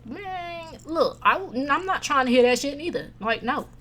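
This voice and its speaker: A woman reviewing movies in a casual chat, blunt, profane and animated as she rants. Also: sits high, measured pace.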